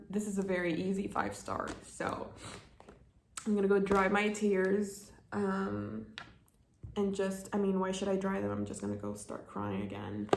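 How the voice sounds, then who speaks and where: A young woman book vlogger talking casually, tearful and laughing through tears, dramatic about a book. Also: mid-range voice. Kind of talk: casual vlog. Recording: roomy echo, faint noise.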